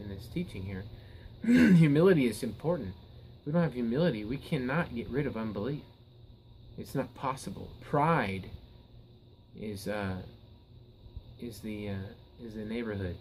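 A man's voice: on the low side, expressive, normal speed, a little mellow, a little hiss or hum, poor audio. A man preaching a Bible teaching sermon in an earnest way. He often repeats words and restarts his sentences, then rises to emphatic peaks.

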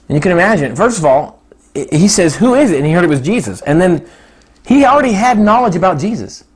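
A man in his thirties delivers a sermon with bubbling excitement. His voice sits a little high and swings widely between bright peaks and low asides. He laughs often as he talks. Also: breathy edge. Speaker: preacher.

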